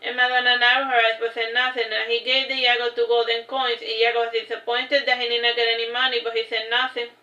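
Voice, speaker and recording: A woman's voice: on the high side, level tone, fairly quick, few pauses, sharp tone. A woman reading her own novel aloud on a livestream, adding casual asides between passages. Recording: roomy, dull lo-fi stream audio.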